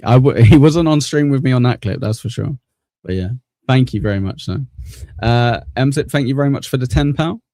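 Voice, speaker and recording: Male stream host, relaxed and jokey, reads chat aloud; dead-dry close sound, mid-range voice. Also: mid-range voice, normal speed, dry recording. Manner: chatty, laughing, thanking viewers by name. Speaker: livestream host. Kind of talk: casual livestream chat reading comments.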